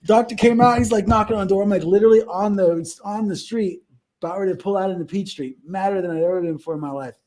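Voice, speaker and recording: Animated storytelling man, slightly high. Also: fast. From United States. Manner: animated, acts out voices in stories. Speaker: podcast co-host. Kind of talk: casual storytelling chat.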